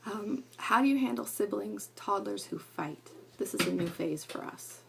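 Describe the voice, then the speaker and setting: A woman's voice: mid-range voice, expressive, moderate pace, gravelly, noisy background. A middle-aged woman talking casually to camera at home, rambling and earnest with lots of fillers. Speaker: parenting vlogger.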